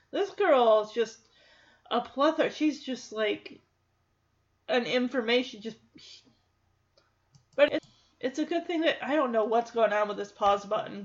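A woman's voice: medium pitch, gravelly, muffled recording. A woman casually recapping a sitcom episode, chatty with wry asides. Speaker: show recap host.

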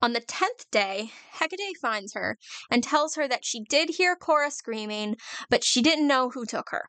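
A woman's voice: on the high side, expressive, normal speed, fairly bright tone, no echo. Chatty woman retelling myths. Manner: chatty, swears casually, laughs often. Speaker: podcast co-host. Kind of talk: casual mythology retelling.

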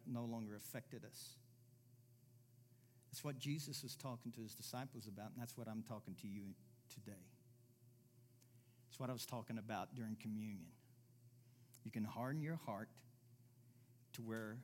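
A man preaching a sermon as pastor, reading scripture aloud and building from quiet, low passages to loud, emphatic ones. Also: a little hiss or hum. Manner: reads scripture aloud and voices imagined listeners.

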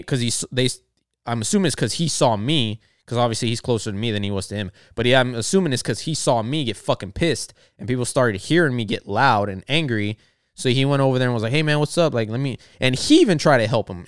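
Dude venting a bar story, cursing a lot, lots of likes and you knows, mid pitch, clean voice. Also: male voice, clean tone, no room sound, clean studio sound. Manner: rambling, profane, heavy filler words. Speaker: bartender. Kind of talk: casual storytelling rant.

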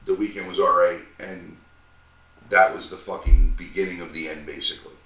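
Deep-voiced man telling a profane story. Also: moderate pace, recorded from a distance. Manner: profane, animated storytelling with acted-out quotes. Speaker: podcast co-host. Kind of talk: casual storytelling chat. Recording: roomy sound, a bit off-mic.

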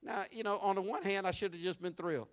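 A man preaching a sermon as pastor, swinging between loud, raised lines and hushed, low ones, folksy and conversational with the congregation. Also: steady tone, fast. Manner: preaching with sweeping shifts between shouted and hushed delivery.

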